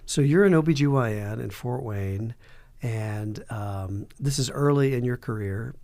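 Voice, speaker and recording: A man hosting an interview podcast, asking questions in a relaxed way and affirming the guest with short replies. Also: mid-range voice, unhurried, vocal fry. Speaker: podcast host.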